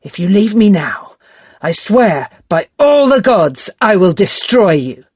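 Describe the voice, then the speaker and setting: Female narrator doubling as a menacing male pimp, lowish and tense, dry audiobook read. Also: lively intonation, a little slow, slightly rough, no room sound. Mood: threatening.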